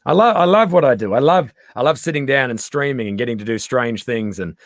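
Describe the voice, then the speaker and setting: Lively Australian man, dry close sound. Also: medium pitch, a little fast, no room sound. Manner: animated, swears freely, acts out voices. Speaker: comedian guest. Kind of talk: casual chat.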